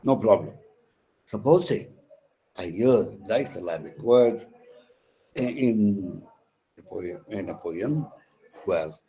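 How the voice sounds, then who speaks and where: A man's voice: on the low side, warm tone, slight background noise, poor audio. A man with an Indian English accent, a counsellor lecturing on poetic meter, repeating phrases and scanning verse aloud with restarts. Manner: restarts mid-word, fillers like uh and okay. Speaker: counsellor for distance learners.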